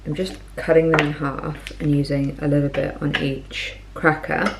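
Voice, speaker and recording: A woman's voice: low-pitched, flat delivery, moderate pace, vocal fry. A young woman casually chatting through her day as a vlogger, showing food and clothes at home. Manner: chatty, matter-of-fact commentary while showing things. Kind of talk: casual vlog chat. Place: home, indoors. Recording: noticeable background noise.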